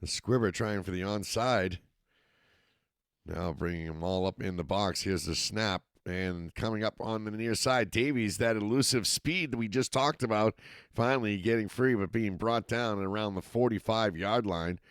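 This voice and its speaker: Low-voiced Massachusetts football announcer. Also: male voice, moderate pace, smooth, no echo, studio quality. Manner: steady play-by-play, rising excitement on scoring plays. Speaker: play-by-play announcer. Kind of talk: youth football commentary.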